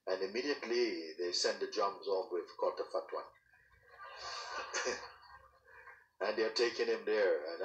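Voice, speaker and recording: Man, deep bright voice, lively parable telling, acts out his story, echoey room, off-mic. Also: distant mic. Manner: lively, acts out the people in his story, uses sound effects. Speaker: storyteller and teacher.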